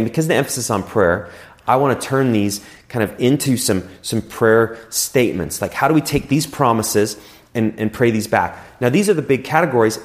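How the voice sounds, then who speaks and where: Earnest male pastor preaching. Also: medium pitch. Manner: earnest, with sudden rises and soft, slow prayer lines. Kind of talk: sermon. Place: church.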